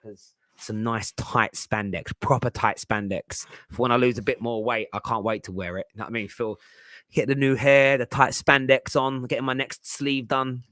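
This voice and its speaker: A man's voice: mid-range voice, fairly even intonation, normal speed, a bit bright. Chatty man in his thirties. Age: 30s. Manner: chatty, laughs often, rambling asides. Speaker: host. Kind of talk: casual chat.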